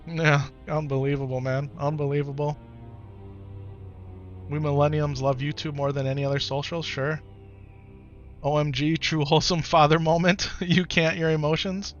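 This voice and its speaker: A man streaming live who talks softly and coaxingly with his young son, then reads and answers his chat in casual talk. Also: on the high side, little pitch movement, normal speed, muffled recording. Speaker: streamer and father. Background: game music.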